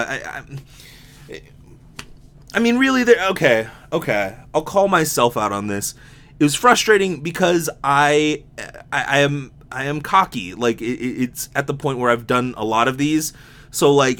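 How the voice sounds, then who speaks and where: A young man with a fairly high, slightly bright voice hosts a casual solo podcast, rambling candidly with frequent swearing and restarts. He has a slight lisp and a sore mouth from impacted wisdom teeth.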